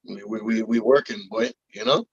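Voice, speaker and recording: A man's voice: lowish voice, sing-song, normal speed, vocal fry, slightly rough, muffled recording. A man in casual drinking banter, loose and crude, joking around.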